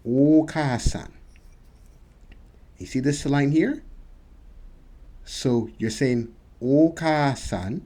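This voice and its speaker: A man hosting a casual video lesson, slowly drawing out words as he demonstrates them. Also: mid-range voice, animated, mellow. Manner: slow, drawn-out demonstration of words. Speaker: language teacher and channel host. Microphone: camera mic.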